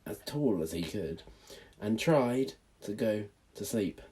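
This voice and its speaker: A male teacher reading a storybook aloud to children in a playful, animated way. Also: on the low side, slow pace, breathy edge.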